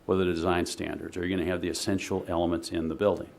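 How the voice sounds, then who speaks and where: A man giving a measured, explanatory presentation to a city commission in a meeting chamber, often pausing on "uh". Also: low-pitched, little pitch movement, gravelly, a little mellow, slight background noise. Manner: measured and explanatory, with frequent "uh" fillers.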